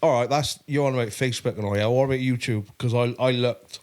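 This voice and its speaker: A man co-hosting a podcast, excitable and swearing in casual chat. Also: medium pitch, quick pace, clear, resonant tone. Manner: excitable, swears, says mate. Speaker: podcast co-host.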